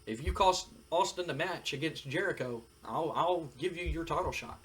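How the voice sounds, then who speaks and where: A man's voice: fairly high pitch, normal speed, a bit bright. A man casually narrating a wrestling management game, retelling it in a loose, rambling way. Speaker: game commentator. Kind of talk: casual let's-play narration.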